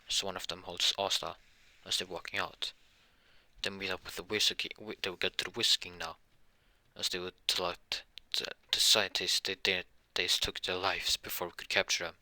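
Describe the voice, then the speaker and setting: Deep-voiced man rambling through a fan story. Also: little pitch movement, normal speed, bright, forceful tone, dry recording. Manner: rambling, frequent self-corrections. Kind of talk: improvised fan-fiction narration.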